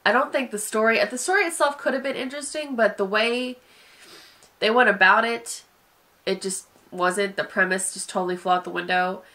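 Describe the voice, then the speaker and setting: A woman's voice: medium pitch, moderate pace, pushed and bright. A woman with a sniffly nose giving a casual, hesitant spoken film review, sighing and wandering through her points with many fillers. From Southern United States. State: sniffly from allergies.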